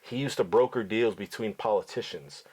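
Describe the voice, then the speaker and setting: A man's voice: on the low side, normal speed, darkish tone, husky. A middle-aged father hosting a podcast, telling his son stories in a blunt, profane, outspoken way. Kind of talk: casual storytelling to his son.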